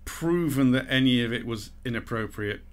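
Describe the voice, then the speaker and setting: A man's voice: mid-range voice, normal speed. British guy hosting a podcast, chatty, rambles through stories with lots of uh and um. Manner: chatty, storytelling, hedging with fillers. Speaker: podcast host. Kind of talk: casual podcast chat.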